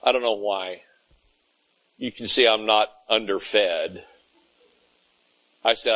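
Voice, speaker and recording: A man's voice: on the low side, normal speed, a bit bright, highs cut off. A man preaching a conversational sermon, often asking "Amen?" and acting out little scenes of everyday talk. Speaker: pastor.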